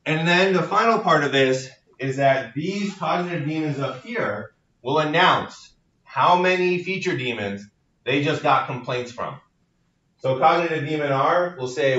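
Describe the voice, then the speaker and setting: A man's voice: fairly high pitch, lively intonation, measured pace, a bit bright. A man giving a university lecture in a playful, explanatory manner, using casual everyday comparisons. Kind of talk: classroom lecture. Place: lecture classroom. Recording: echoey lecture hall, distant dull mic.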